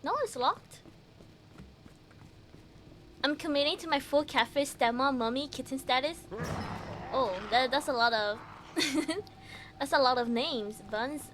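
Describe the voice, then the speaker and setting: Woman, game streamer, casual commentary, giggly, slow unhurried delivery. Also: sits high, fairly bright tone, a little hiss or hum. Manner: giggly, chatting to viewers while playing.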